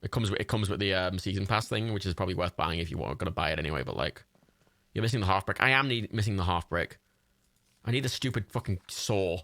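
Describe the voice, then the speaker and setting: A man giving sweary, excitable running commentary while livestreaming a game. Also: sits low, quick pace, no echo. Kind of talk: gameplay commentary.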